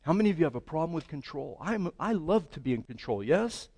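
A man. His sermon is animated and conversational. He keeps tossing questions to the congregation and acts out the prayers he talks about. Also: on the high side, fairly quick, husky. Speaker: pastor.

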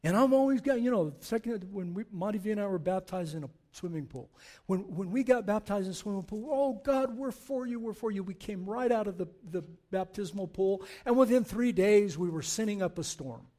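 A male pastor preaching a sermon, reading verses aloud and urging his listeners on with animated, forceful exhortation. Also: sits high, fairly quick.

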